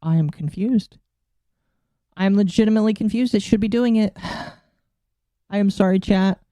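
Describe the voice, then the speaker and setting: A woman streaming live in easy, casual chat with her audience, her voice mellow and low-key in tone. She sounds flustered and exasperated, muttering to herself as she works through technical settings. The sound is close and dry, with no room around it. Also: normal speed, no room sound. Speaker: VTuber streamer.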